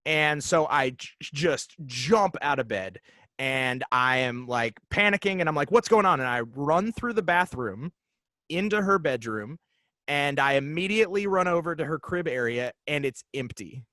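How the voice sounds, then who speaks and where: Guy in his 40s, bright tense voice kinda high, telling a story, lots of ums and restarts, dry sound. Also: lively intonation, dry recording. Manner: halting, lots of fillers and restarts. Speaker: podcast guest. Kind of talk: casual storytelling.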